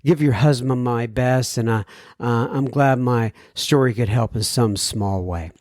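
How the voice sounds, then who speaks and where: A man's voice: mid-range voice, measured pace, a little mellow, no room sound, studio quality. A man hosting a podcast, reading listener emails aloud and replying to them earnestly and gratefully. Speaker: podcast host.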